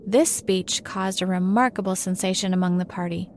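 A woman reading a classic storybook aloud in an even, measured way. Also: on the low side, slight background noise.

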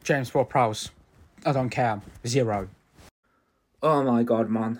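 A man ranting in a reaction vlog, swearing and swinging from angry shouts to low, sheepish mumbling. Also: slow. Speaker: fan reaction vlogger.

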